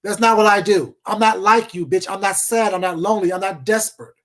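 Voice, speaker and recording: A man's voice: high-pitched, brisk, a bit bright. A man vlogger ranting to camera in a profane, confrontational, combative way. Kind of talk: casual rant to camera.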